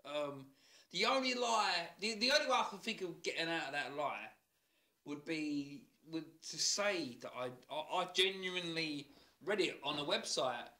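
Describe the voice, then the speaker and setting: A man's voice: on the high side, lively intonation, normal speed, pushed and bright. A man co-hosting a casual podcast chat, telling sweary anecdotes and often laughing. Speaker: podcast co-host.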